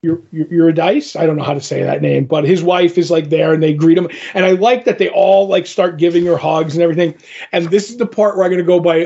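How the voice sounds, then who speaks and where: A man co-hosting a podcast in casual comic book chat, retelling scenes with animated character lines. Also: high-pitched, vocal fry, slightly rough, dull audio. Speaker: podcast co-host.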